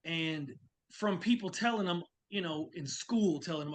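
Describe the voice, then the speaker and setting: A man's voice: high voice, normal speed, slight background noise. A man from Louisiana, a guest in an interview, speaking frankly and telling stories from his own experience. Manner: frank, storytelling, acts out quoted remarks. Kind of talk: conversational interview.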